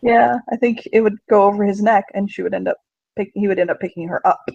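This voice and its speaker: A man describing his character's actions in a collaborative role-play, relaxed and thinking aloud as the scene unfolds. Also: sits high, quick pace, creaky, slightly rough, dry recording, muffled recording.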